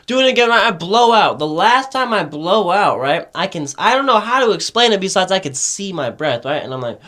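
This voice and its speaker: A man's voice: high voice, sing-song, moderate pace, sharp tone. A young man telling a rambling, profane party story in casual podcast chat, peppering it with "right?".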